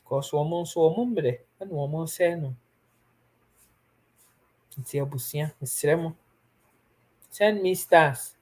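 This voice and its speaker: A woman's voice: low-pitched, slow pace, long pauses, a little mellow. A young Ghanaian woman hosting a live stream, giving earnest advice to her viewers and mixing Twi with English. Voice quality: pleading, earnest, switches between Twi and English. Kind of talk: casual advice talk to viewers.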